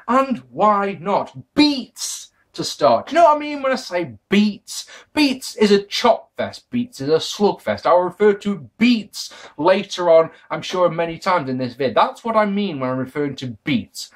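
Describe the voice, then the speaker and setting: Excitable man reviewing wrestling. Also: high-pitched, unhurried, few pauses. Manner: excitable, swears freely, self-correcting. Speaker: video reviewer. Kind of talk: casual wrestling DVD review.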